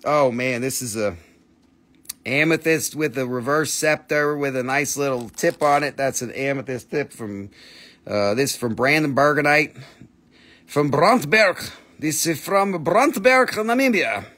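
A man's voice: medium pitch, expressive, a little slow, fairly bright tone. A man hosting a live crystal sale, talking in a jokey, exclamatory patter with muttered asides. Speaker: host selling crystals on a live stream. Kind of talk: live sales stream.

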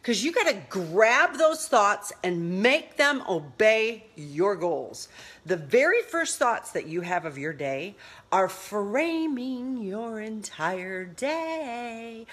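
Middle-aged woman, lively motivational vlogger, chats on the move with her phone, laughs a lot, acts out quotes big. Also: mid-range voice, slow. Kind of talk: casual live-stream talk.

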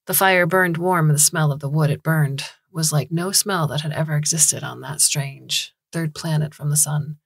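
A woman narrating a science fiction short story in a calm, even storytelling manner. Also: sits low, moderate pace, vocal fry, few pauses, husky, no room sound. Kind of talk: scripted audiobook narration.

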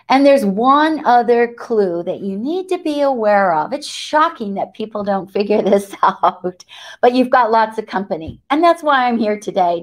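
A middle-aged woman giving a lively sewing tutorial, who asks questions and answers them herself. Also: fairly high pitch. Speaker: sewing needle expert. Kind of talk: lively live tutorial talk.

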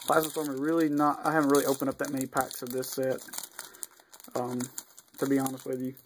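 A man talking casually through an unboxing at an ordinary pitch, reading card names in a steady run. He drops in small excited remarks and plenty of ums and uhs. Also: brisk, a little hiss or hum. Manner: easygoing, reads off cards one after another; mildly excited asides with fillers. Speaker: video creator opening card packs.

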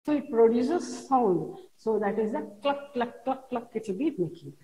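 A woman teaching a classroom lesson, reading a poem aloud and explaining each word slowly and repetitively to children. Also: a little high, expressive, warm tone. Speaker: schoolteacher. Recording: roomy echo.

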